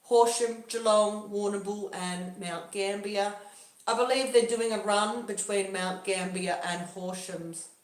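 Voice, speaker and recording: A woman's voice: mid-range voice, steady tone, unhurried, reverberant. A woman talking through a casual livestream monologue in a musing, loosely paced way. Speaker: livestream host.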